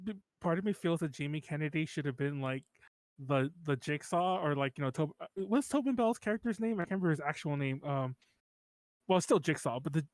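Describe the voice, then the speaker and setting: A man's voice: a little high, animated, fairly quick, no room sound. A man co-hosting a podcast in casual chat, rambling, swearing and laughing often. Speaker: podcast co-host.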